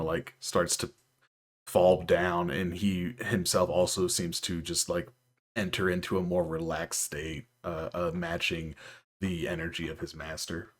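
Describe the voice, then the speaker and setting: A man narrating a tabletop game as game master, excited and full of fillers. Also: low-pitched.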